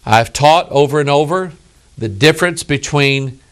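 A man's voice: fairly high pitch, moderate pace. A man preaching a sermon, reading scripture aloud and addressing listeners earnestly and emphatically.

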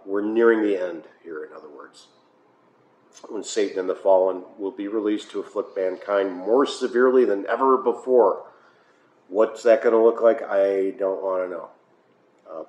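In an echoey church hall with faint background noise, an American pastor guides a Bible study conversationally, using filler uhs and wry asides. His low voice stays steady and a little mellow at a moderate pace.

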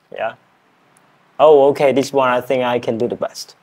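A man's voice: medium pitch, steady tone, moderate pace, long pauses, a little mellow. A man whose first language is Khmer practices words over and over, laughing at his own attempts as he hosts an English lesson. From Cambodia. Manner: repeats words again and again, laughing at himself. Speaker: English teacher and channel host. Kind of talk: casual accent practice lesson.

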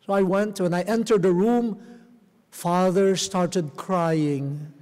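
A middle-aged man from the Philippines, a cardinal, giving a gentle storytelling talk with soft chuckles to a theatre audience. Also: high-pitched, steady tone, slow pace. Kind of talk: homily-style talk to a live audience. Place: large theatre. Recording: long reverb of a large theatre.

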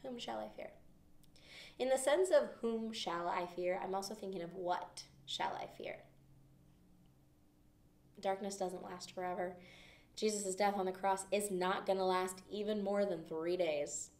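A woman leading a children's Bible lesson in a playful, expressive way, asking the kids questions as she goes. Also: mid-range voice, a little slow, long pauses. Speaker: children's ministry teacher. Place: church children's room. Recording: echoey room, mic at a distance.

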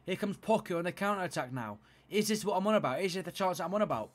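A young man giving play-by-play commentary on his own football video game, swinging between low grumbling and shouted excitement. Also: quick pace. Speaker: gaming YouTuber playing football career mode.

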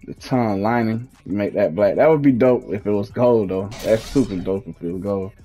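Young male gaming host, low mellow slangy delivery, faint music underneath. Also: normal speed. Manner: laid-back slangy, trails off while thinking. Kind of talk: casual gameplay walkthrough. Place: at home, in his fiancée's house.

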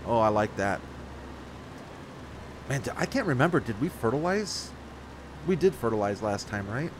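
Guy chatting over a farming game, rambly, thinking out loud, faint engine hum behind. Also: medium pitch, sing-song, moderate pace. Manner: rambling, chatty, thinks aloud while playing. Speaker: let's play host. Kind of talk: casual gameplay commentary. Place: at home, near the Great Lakes.

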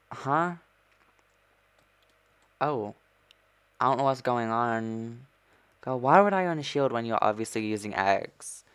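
A man giving sassy, chatty gameplay commentary as a streamer, breaking into sudden squeals of surprise. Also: medium pitch. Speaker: gaming streamer.

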